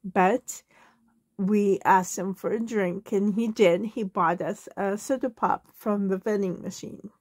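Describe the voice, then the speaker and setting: A measured, steady mid-range voice with a darkish tone, recorded in clean studio sound without echo. The speaker, a Canadian woman in her forties doing a tag video, tells family stories casually and loosely, laughing through them with many fillers.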